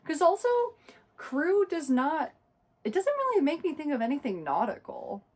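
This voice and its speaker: A woman's voice: high-pitched, big pitch swings. Exasperated woman ranting about a book. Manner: talks fast and loose, leaning hard on "like" and "literally"; exasperated and indignant. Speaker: book reviewer. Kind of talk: casual book review rant.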